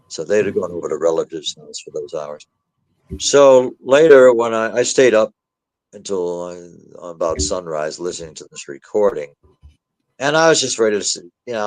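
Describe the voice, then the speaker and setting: A man's voice: on the low side, measured pace, long pauses, no echo, poor audio. A man, a demonologist guest, telling his story in a podcast interview and acting out the voices he quotes. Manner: animated, acts out the voices he quotes.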